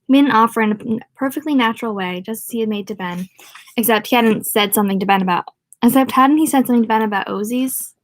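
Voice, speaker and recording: A woman reading a novel aloud in a relaxed amateur way, stumbling over words now and then and restarting. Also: fairly high pitch, fast, no echo. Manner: informal amateur reading with slips, restarts and asides. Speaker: audiobook reader. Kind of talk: casual read-aloud of a novel.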